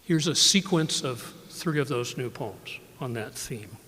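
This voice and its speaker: An older man giving a live poetry reading of his own work, measured and unhurried, often softening his voice. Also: mid-range voice, animated. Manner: measured, unhurried reading with soft drops in level. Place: library event room, live audience. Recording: reverberant live room recording.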